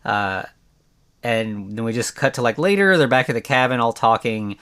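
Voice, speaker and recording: A man's voice: medium pitch, expressive, normal speed, fairly bright tone, clean tone. A man hosting a podcast alone, recapping a film in a rambling, conversational way, with lots of "like" and restarts. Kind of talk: casual solo movie recap.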